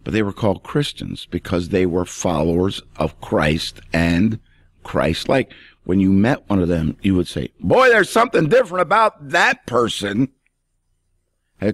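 A man's voice: fairly low pitch, moderate pace, a little mellow, dry recording. A male pastor preaching an emphatic radio sermon and speaking straight to the listener.

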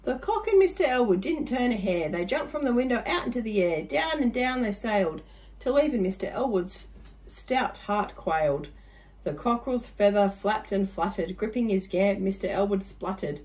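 A woman's voice: medium pitch, expressive, normal speed, darkish tone. A woman reading a rhyming picture book aloud to children, adding chatty little asides to her listeners.

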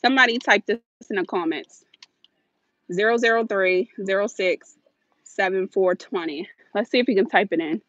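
Live from a large store, a US woman vlogs on a phone she carries while walking, rambling cheerfully and laughing frequently. She has a mid-range, fairly bright voice at a moderate pace. The audio is dull and dry, with no room sound.

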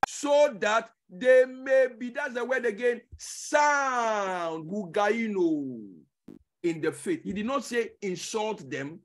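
A man teaching a sermon as a pastor, emphatic and repetitive, with loud bursts and low asides and frequent rhetorical questions. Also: lively intonation, slow pace. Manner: asks rhetorical questions and checks in with the listeners.

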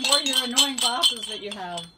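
A woman's voice: on the high side, heavy background noise. A woman co-hosting a live shopping stream, joking, laughing and relaying viewer orders. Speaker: co-host taking orders.

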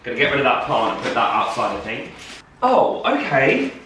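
A young man filming a casual vlog in his flat, gushing and excitable as he talks to viewers. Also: mid-range voice, moderate pace, recorded from a distance, a little hiss or hum. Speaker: vlogger. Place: flat, indoors. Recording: echoey room.

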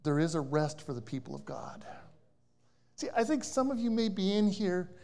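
A man with a notably high speaking voice delivers a church sermon as a guest preacher. He tells the story in lively swings, now loud and pressing, now dropping to a hushed aside. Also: normal speed. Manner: animated storyteller, swings between loud emphasis and quiet asides. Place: church service.

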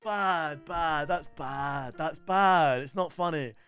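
A man with a fairly high, bright voice chats loosely to his audience, often breaking off and restarting his sentences. He mocks himself in an easygoing way while reacting to clips. Faint music sits under his voice. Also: slow pace, smooth. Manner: chatty, self-mocking, lots of restarts. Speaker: reaction video host. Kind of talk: casual reaction commentary.

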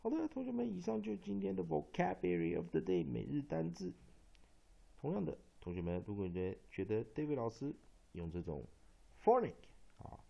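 A man with a Taiwanese accent teaching English pronunciation, slowly spelling out letters and repeating sounds. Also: fairly high pitch, wildly swooping pitch, vocal fry, mellow. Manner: slow, drawn-out spelling and repetition of sounds. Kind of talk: spoken phonics lesson. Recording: dull lo-fi recording.

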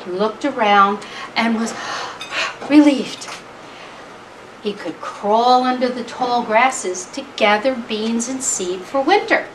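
A woman telling a traditional animal tale to a live audience, in a slow, deliberate way with long pauses. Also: on the high side, fairly bright tone, slight background noise. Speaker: storyteller. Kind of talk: oral storytelling at a live concert. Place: event hall. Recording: distant mic at a live event.

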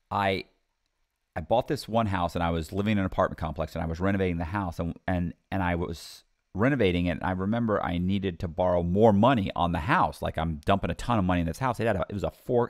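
A middle-aged man casually telling a story, chatty and animated, retelling conversations as dialogue. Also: low-pitched, a little fast, no echo, studio quality. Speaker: guest telling his own story.

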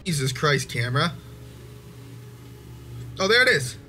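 A man's voice: on the high side, very animated, a little slow, pushed and bright, soft background music. A young man giving casual gameplay commentary as a YouTuber, swearing and joking in exasperation. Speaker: gaming YouTuber.

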